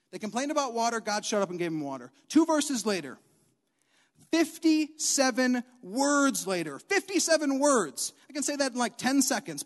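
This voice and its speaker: High-voiced young preacher in a reverberant hall. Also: male voice. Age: young adult. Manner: animated, emphatic, repeats key lines. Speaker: youth preacher. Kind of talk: sermon.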